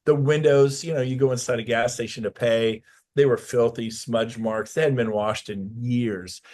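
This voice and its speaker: A man's voice: medium pitch, steady tone, moderate pace, a little mellow. A middle-aged man, a real estate coach, telling a personal story in a casual interview and acting out the voices of the people in it.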